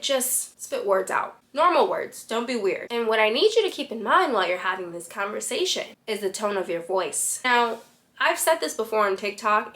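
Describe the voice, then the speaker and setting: Looking straight into the camera, a fashion influencer hands out sassy, no-nonsense dating advice for her talking-head vlog. She speaks at medium pitch with a slightly bright tone.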